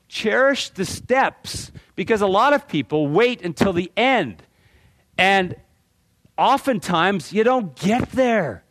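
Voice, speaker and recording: A middle-aged man from Canada giving a talk to a live audience, animated and joking, often repeating words as he restarts. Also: high-pitched, no echo. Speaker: motivational speaker.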